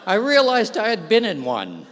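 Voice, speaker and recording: Man, lively pitch, fairly high voice, self-deprecating anecdotes, stage mic, reverberant hall. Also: moderate pace, slight background noise. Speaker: awards gala speaker. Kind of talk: storytelling speech. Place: large hall.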